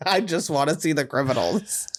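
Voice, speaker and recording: A man co-hosting a podcast, giving a casual film review in a blunt, exasperated way with quick asides. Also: fairly high pitch, lively intonation, fairly bright tone. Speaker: podcast co-host.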